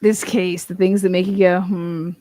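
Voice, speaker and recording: A woman picking apart a case in loose, casual commentary, talking bluntly and swearing often. Her voice sits at an ordinary middle pitch. The sound is close and dry, with no room around it. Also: little pitch movement, normal speed, mellow, dry recording. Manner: blunt, profane, incredulous. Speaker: true-crime commentator.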